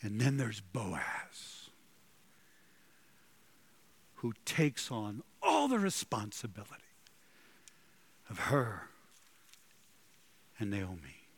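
Slow-speaking male preacher. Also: on the low side, sing-song, husky. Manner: dramatic storytelling, swings between loud and hushed. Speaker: pastor. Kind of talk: sermon.

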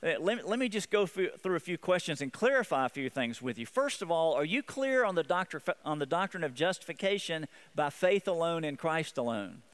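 A man's voice: a little high, big pitch swings, brisk, few pauses. A man voicing an officious male supervising angel who questions in a formal, checklist-like way.

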